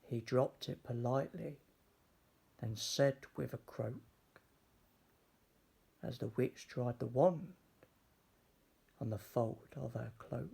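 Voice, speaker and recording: A man reading a rhyming children's picture book aloud with slow, deliberate delivery. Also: mid-range voice, gravelly, warm tone, husky. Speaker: storybook reader. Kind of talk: children's storybook read-aloud.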